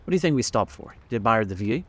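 A man reading the part of a brash, arrogant rich man who speaks roughly and with contempt. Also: on the low side, sing-song, a little fast. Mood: brusque.

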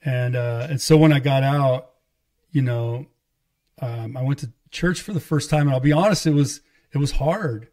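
A middle-aged man, an evangelist, telling his life story in casual conversation, animated and acting out quoted dialogue. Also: mid-range voice, moderate pace. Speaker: guest, evangelist and pastor.

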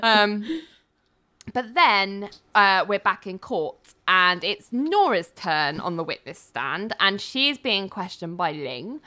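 A woman talks through a television episode in a loose, chatty way, slipping into the characters' voices to act out their lines. Her voice is bright and forward. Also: medium pitch, takes it slowly. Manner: animated retelling with mimicked character voices. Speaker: podcast co-host recapping a TV episode. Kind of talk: casual chat.

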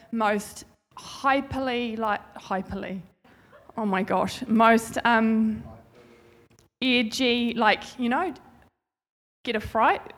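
A woman's voice: on the high side, slow, a bit bright. A woman giving an informal, heartfelt church talk in a chatty, rambling way. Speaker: church speaker. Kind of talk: informal sermon testimony.

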